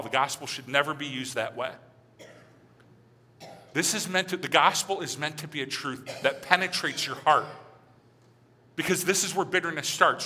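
Middle-aged guy preaching, casual and animated, super bright sharp voice, long echo off the church walls. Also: a little high. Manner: conversational, animated, acts out quoted voices. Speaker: pastor. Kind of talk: sermon. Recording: long hall reverb.

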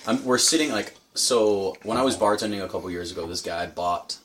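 Deep-voiced man rambling through a fast story. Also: fairly bright tone, a little hiss or hum. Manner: rambling storyteller, lots of "like" and "dude". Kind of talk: casual podcast chat.

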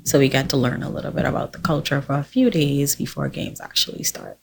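A woman with a notably low voice chats as a podcast guest. She talks through her stories casually and laughs often. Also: a little fast, creaky, a little hiss or hum. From The Bahamas. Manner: chatty storyteller, laughs often. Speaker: podcast guest, sports volunteer. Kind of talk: casual chat.

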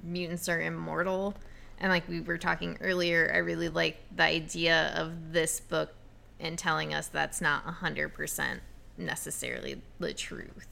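A woman with a deep voice and vocal fry co-hosts a podcast, casually recapping comic plots. She's relaxed and laughs easily and often as they chat about comics.

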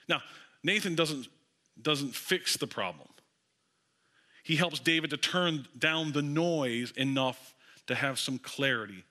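A man preaching a sermon as pastor in a church, telling a story with lively asides to the congregation. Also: mid-range voice, slow pace, long pauses.

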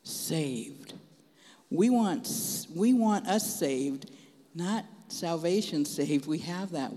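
A man preaching a testimony in an animated, frank and folksy storytelling manner. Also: a little high. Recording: long hall reverb.

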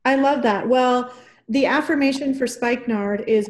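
A woman's voice: on the high side, moderate pace. A woman hosting a podcast in casual chat, enthusiastic and affirming, gushing over her guest. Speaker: podcast host.

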